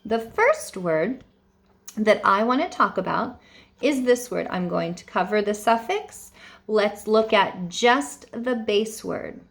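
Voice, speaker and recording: First grade teacher lady, slow and sing-songy, voice bouncing all over, super encouraging. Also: medium pitch, expressive, creaky. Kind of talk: remote phonics lesson for young children.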